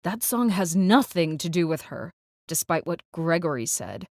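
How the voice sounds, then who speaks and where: A woman reads a first-person audiobook in a measured, clipped way with tension under the lines. Her voice is on the lower side. The sound is close and dry, with no room echo. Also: sing-song. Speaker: audiobook narrator. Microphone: close studio mic.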